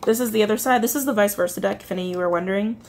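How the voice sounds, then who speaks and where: A woman talking her way through a tarot reading for her subscribers in a loose, rambling way, full of fillers and restarts. She swings between excited and teary as she goes. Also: medium pitch, rapid-fire. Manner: chatty, rambling, emotional, frequent fillers and self-corrections. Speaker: tarot reader. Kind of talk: casual spoken tarot reading.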